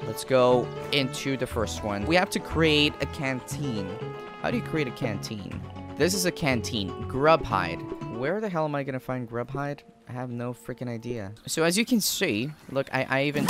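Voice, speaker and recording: A man commentating his own gameplay in a casual let's-play style, excitable and prone to swearing when startled. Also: medium pitch. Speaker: gaming YouTuber.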